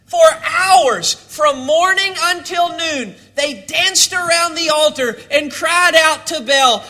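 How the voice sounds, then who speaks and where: A man preaching a sermon, building to dramatic shouts and then dropping low. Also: takes it slowly, few pauses.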